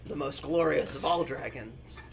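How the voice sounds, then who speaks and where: A man playing a tabletop game, talking grandly in casual table talk with some halting restarts. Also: mid-range voice, vocal fry, crowd noise. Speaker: player.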